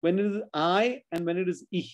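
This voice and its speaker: A man's voice: high-pitched, a little fast, poor audio. A man teaching children spelling in an online class, patiently sounding out words letter by letter.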